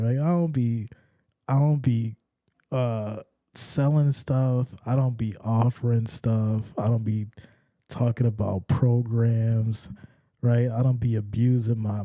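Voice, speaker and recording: Hushed, laid-back streamer man with a dark voice. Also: mid-range voice, no echo, clean studio sound. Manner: laid-back, kept hushed so as not to wake his kids. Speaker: sports reaction streamer. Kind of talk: casual live-stream chat and play-by-play.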